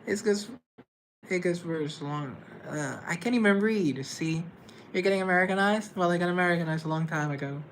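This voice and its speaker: A man's voice: sits high, brisk, a bit bright, slight background noise. A man from Colombia chatting casually on a live stream, answering viewers' comments in a chatty, theatrical way.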